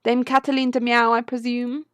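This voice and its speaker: A woman's voice: fairly high pitch, level tone, moderate pace, clean tone, no echo, pitched above the performer's own voice, natural voice. Girl reading a polite bird lawyer from a game, formal, pretty plain. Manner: formal, courteous.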